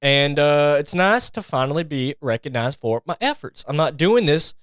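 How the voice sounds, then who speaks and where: Young male podcast host, smooth clean voice, dry close sound, loose profane rambling comedy. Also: on the high side, animated, normal speed, a bit bright, no echo. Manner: rambling, profane, restarts and mimics others for laughs. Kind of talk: casual comedic monologue.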